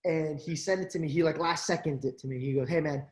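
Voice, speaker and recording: Young male interview guest, lively chatty storyteller, a bit high-pitched, roomy echo. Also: fast talker. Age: young adult. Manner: animated, acts out quoted friends, many fillers. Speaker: interview guest, actor and social media creator.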